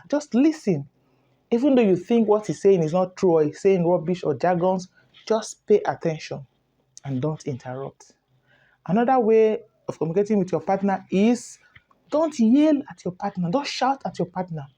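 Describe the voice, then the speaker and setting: A woman's voice: medium pitch, mellow, husky. Earnest woman coaching couples. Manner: earnest, instructive, repeats points. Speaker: relationship coach. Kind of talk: advice talk to camera.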